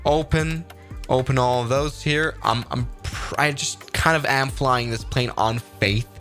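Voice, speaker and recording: A man's voice: medium pitch, unhurried, a bit bright, faint music behind. A man doing casual live-stream commentary on a flight simulator, upbeat and rambling as he thinks aloud.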